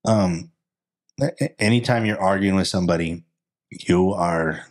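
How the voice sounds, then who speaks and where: A man's voice: deep voice, unhurried. A man co-hosting a podcast in casual conversation, rambling with frequent restarts and acting out his own inner thoughts. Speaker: podcast co-host.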